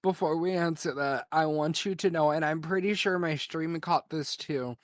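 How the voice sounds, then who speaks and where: A woman co-hosting a casual podcast, an animated storyteller who laughs often and swears freely. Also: deep voice, moderate pace, no room sound, studio quality. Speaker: podcast co-host, streamer. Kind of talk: casual chat.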